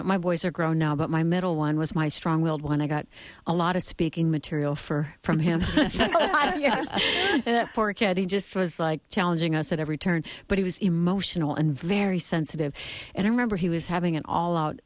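A woman's voice: on the low side, fairly quick, no room sound. A middle-aged woman hosting a Christian radio talk show, telling a family story and retelling the dialogue.

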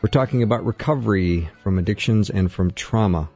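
Radio co-host, man, low gravelly voice, chatty and self-deprecating, dull dry studio sound. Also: a little fast, darkish tone, faint music behind. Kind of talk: talk radio hosting.

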